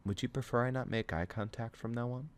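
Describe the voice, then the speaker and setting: A man voicing a gentle young woman in a storybook reading, speaking quietly and hesitantly. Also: on the high side, sing-song, measured pace, voice pushed up, exaggerated voice.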